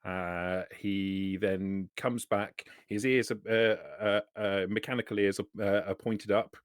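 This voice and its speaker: Low-voiced game master. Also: male voice, steady tone, a little slow, clear, resonant tone, no room sound, clean studio sound. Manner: hesitant, many fillers. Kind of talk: narrating a tabletop game.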